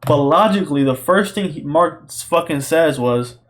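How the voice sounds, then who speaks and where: A young man giving an excited, profane, rambling solo review, like a podcast host talking straight to his viewers. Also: a little high, moderate pace. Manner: excited, profane, repetitive slang-heavy talk.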